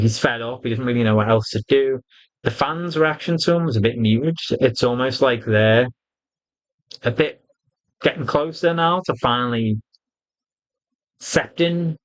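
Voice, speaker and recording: A man's voice: medium pitch, poor audio. A man giving a blunt, casual, opinionated wrestling review, swearing freely and acting out quotes. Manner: blunt, sweary, animated retelling with quoted voices.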